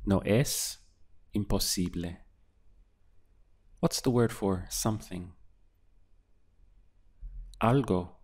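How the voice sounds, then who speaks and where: A man teaching a beginner language lesson, asking patient prompts and then giving clear model answers. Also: on the low side, slow, pauses often, darkish tone. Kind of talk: slow, deliberate language lesson with pauses.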